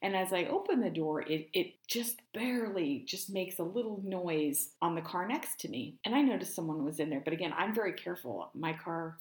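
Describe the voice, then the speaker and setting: A woman sharing self-help tips through a casual personal story, chatty and lively, often repeating words as she goes. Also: lowish voice, fairly quick, hardly any pauses. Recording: roomy echo.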